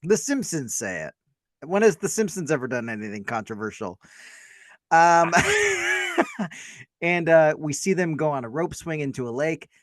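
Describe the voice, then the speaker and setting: A man's voice: fairly high pitch, sing-song, a little slow, long pauses, fairly bright tone, dry recording, clean studio sound. A man co-hosting a podcast, chatting casually about a film in a rambling, hedging way. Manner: rambling, hedging, self-deprecating. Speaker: podcast co-host.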